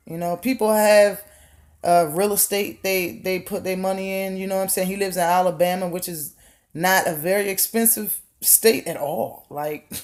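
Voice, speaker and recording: A woman's voice: on the low side, darkish tone. A woman vlogger ranting her opinion bluntly, swearing freely and firing off rhetorical questions, often repeating words for emphasis. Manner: blunt, profane, heated rant. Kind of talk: opinion rant vlog.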